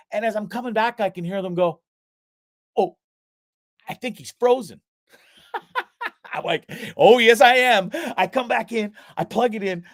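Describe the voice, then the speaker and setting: A man hosting a live show, telling a story in a casual, animated way, swearing, laughing at himself and acting out other people's voices. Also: high voice, no room sound, clean studio sound.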